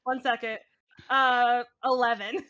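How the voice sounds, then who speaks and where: Give me a high, giggly woman player. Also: level tone, slow, sharp tone, muffled recording. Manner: giggly, rambling explanations. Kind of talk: casual tabletop play.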